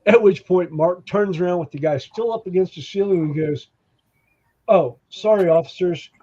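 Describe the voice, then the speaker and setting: A man telling stories in a casual podcast chat, animated and acting out the voices of the people in his stories. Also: high-pitched, a little fast, lo-fi sound. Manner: animated storyteller who acts out quoted voices. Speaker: podcast co-host.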